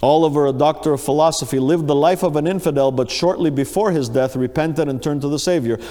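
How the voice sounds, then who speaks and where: Guy preaching a sermon, kinda high voice, big reverby hall, dramatic delivery. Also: quick pace. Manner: dramatic, rises high and loud on acted quotes. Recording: long reverb of a large hall.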